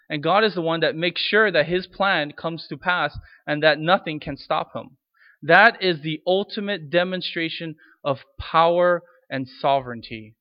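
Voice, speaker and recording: A man's voice: a little high, dull audio. A man preaching a sermon in a conversational way, retelling scripture scenes in casual voices. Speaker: pastor.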